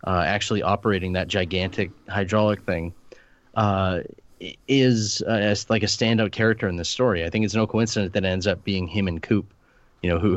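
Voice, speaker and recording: A man's voice: lowish voice, dry recording, highs cut off. A man discussing a film on a podcast, enthusiastic and full of fillers and restarts. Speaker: podcast panelist.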